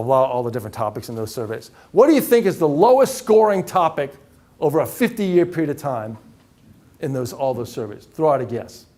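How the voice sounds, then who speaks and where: Guy speaking at a business workshop, pretty high voice, upbeat, keeps throwing questions at the crowd. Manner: energetic, engages audience with questions. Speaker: keynote speaker. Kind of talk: live leadership workshop talk. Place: conference room with audience.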